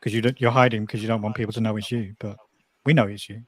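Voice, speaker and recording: A man's voice: lowish voice, flat delivery, quick pace. An Australian man hosting a casual livestream chat, talking bluntly and defiantly. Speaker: livestream host. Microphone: desk mic on a stream.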